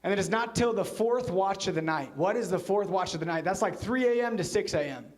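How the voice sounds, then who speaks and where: A man, the pastor, preaching a sermon in church and telling a story, at times dropping into a hushed low voice for quoted lines. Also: lively intonation, a little fast.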